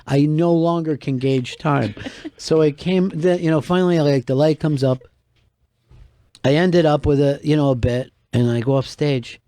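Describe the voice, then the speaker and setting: A man's voice: fairly high pitch, warm tone, dry recording. A man hosting a radio talk show, telling wry, rambling stories in a casual way. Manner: storytelling, wry, drawn-out anecdotes. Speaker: radio host and stand-up comedian.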